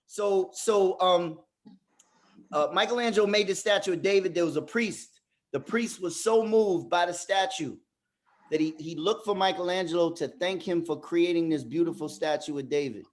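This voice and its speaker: High-voiced man leading a dads' workshop. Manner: emphatic, repeats words when restarting; turns soft and slow in reflective parts. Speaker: group facilitator. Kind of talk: motivational workshop talk.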